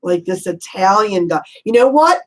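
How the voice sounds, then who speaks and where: A chatty woman giving a casual spirit reading, her voice sitting at a middle pitch for a woman. She fires off quick probing questions, laughs easily, and drops in endearments like honey and hon. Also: lively intonation, low-quality recording. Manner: chatty, warm endearments, frequent "you know". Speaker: psychic medium.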